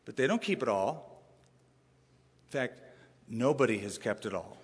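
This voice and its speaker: A man preaching a sermon as pastor, animated, with rising emphasis and sudden drops to a quiet voice. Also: mid-range voice, measured pace, long pauses, breathy edge, in a large hall.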